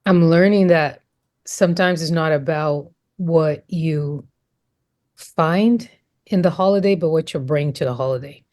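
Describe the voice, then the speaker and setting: A thoughtful woman speaks in a casual podcast chat. Her voice is very low and dark-toned, with a mellow, relaxed timbre, and she weighs her words as she goes. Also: measured pace. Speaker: podcast panelist.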